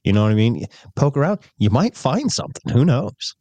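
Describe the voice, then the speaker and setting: A man co-hosting a podcast who talks in halting, casual chat, often repeating words and swearing. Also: medium pitch, big pitch swings, dark tone, dry recording. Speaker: podcast co-host.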